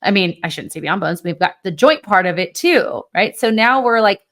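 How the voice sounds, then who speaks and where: A woman's voice: mid-range voice, expressive, normal speed, fairly bright tone. Chatty, emphatic woman podcast host. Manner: chatty, emphatic, swears casually. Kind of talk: casual podcast chat.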